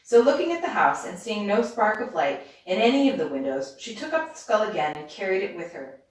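A woman reading a fairy tale aloud as a bedtime story in steady, even narration. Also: medium pitch, brisk. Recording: roomy, distant mic.

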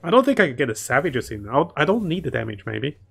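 A man's voice: fairly high pitch, very animated, quick pace, gravelly, fairly bright tone, husky. Upbeat male streamer talking through his game over light background music, greets chat, laughs easily. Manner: chatty, laughs often, greets chat viewers. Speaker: streamer playing a strategy game. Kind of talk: live game commentary.

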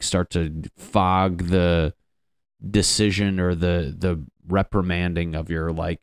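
A man's voice: low voice, clean tone, no room sound. A man from Connecticut hosting a solo comedy podcast, riffing in a profane, self-mocking way. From Connecticut, USA. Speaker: podcast host.

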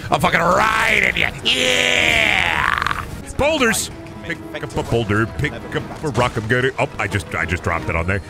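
A man streaming a video game, talking crudely and excitably and laughing often. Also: mid-range voice, fairly quick, creaky, few pauses. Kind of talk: casual gameplay commentary. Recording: music playing behind the voice.

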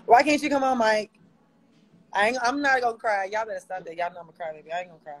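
A woman's voice: on the high side, quick pace, a little hiss or hum, poor audio. Playful woman chatting on a live stream. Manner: affectionate, playful, laughs often. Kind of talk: casual live stream chat.

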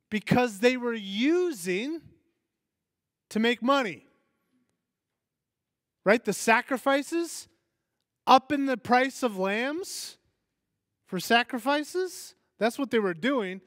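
A man giving a conversational sermon as pastor, animated and putting questions to his congregation, acting out quoted voices. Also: very high voice, dry recording, studio quality.

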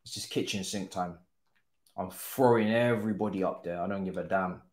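Exasperated young man, low voice, echoey. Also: normal speed. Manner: exasperated, swearing, frequent sighs. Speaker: gaming streamer. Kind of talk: live gameplay commentary.

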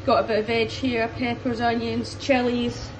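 A woman's voice: a little high, level tone, normal speed, noisy background. A young Scottish woman, a footballer, chatting casually to her phone camera and joking at her own expense. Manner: chatty, self-mocking, upbeat; whispering early in the morning. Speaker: professional footballer vlogging her day. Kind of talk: casual vlog. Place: home and training ground, indoors.

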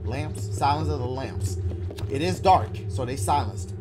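A man giving jokey, excitable commentary while playing a horror game, talking in slang and shrieking at scares. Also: fairly high pitch, measured pace. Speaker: gaming YouTuber. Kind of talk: horror let's play commentary. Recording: loud game music behind.

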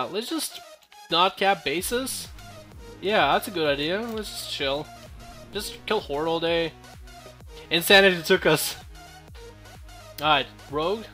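A man's voice: sits high, bright, forceful tone. A young man giving casual, joking gameplay commentary, full of profane trash talk and rambling asides.

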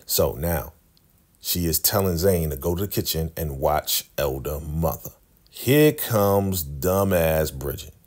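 Deep, husky-voiced man recapping TV. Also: expressive, slow pace, darkish tone. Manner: chatty, conversational, drawling. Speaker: TV recap vlogger. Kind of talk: casual TV episode recap.

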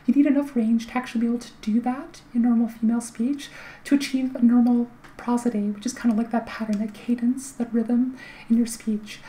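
A woman with a slightly high, mellow voice explains things in a casual, chatty vlog. Her voice is light and carries little volume. She pauses often on fillers and restarts her sentences as she thinks aloud. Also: fairly even intonation, low-quality recording. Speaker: vlogger giving voice tips.

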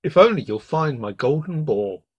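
A man's voice: fairly high pitch, big pitch swings, normal speed, husky, lo-fi sound. A man reading a storybook aloud and voicing a lonely, pampered young princess in a slightly raised, pleading voice. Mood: eager.

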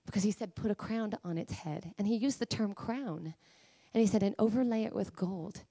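A woman preacher delivering a sermon, emphatic and pleading, at times rising to high fervent cries. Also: moderate pace, dark tone.

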